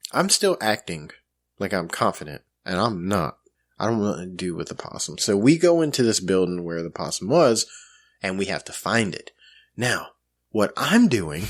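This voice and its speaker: A man co-hosting a casual podcast, his voice a touch low and swinging widely up and down as he tells a story against himself. He talks loosely, full of "you know what I mean" and restarts. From grew up in the country. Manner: animated, self-mocking, lots of fillers. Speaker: podcast co-host.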